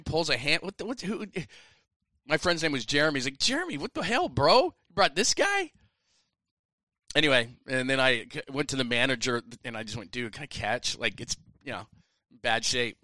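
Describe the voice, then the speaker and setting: Bright, dry-voiced sports talk host. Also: male voice, mid-range voice, no room sound. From San Francisco Bay Area. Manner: animated, self-mocking, acts out voices of others. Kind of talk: casual storytelling monologue.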